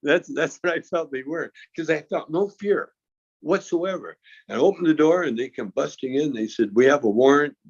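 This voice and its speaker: Gravelly laughing male storyteller, lo-fi. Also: on the high side, moderate pace. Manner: chuckling storyteller who stammers and restarts. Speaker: guest. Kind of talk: casual anecdote telling. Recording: dull lo-fi sound.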